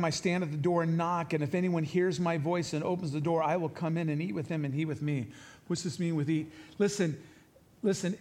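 A man preaching as a pastor in a church before a congregation, animated and conversational, joking and making asides to the people in the room. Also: a little high. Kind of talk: sermon.

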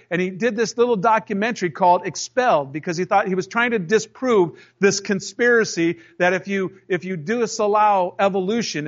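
A man with a high-pitched voice preaches a sermon in an easy, conversational manner. He tells stories, acts out the voices in them and speaks straight to his listeners. The recording sounds dull and lo-fi. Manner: storytelling, acts out voices in anecdotes; conversational, addresses the congregation directly. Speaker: pastor.

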